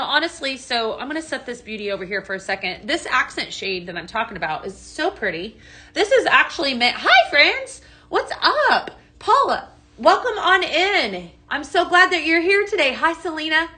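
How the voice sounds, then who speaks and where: A woman in her young adult years hosts a live product stream, chatting with viewers and answering their questions. Her voice sits a little high and rings bright and forward. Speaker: home fragrance consultant hosting a live sales stream.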